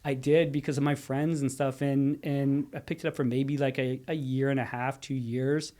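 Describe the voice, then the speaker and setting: Man, thirties, high school teacher, casual storytelling, mid-pitched voice, lively retelling. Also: normal speed. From Pennsylvania. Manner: storytelling, acts out students' voices. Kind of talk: casual podcast conversation.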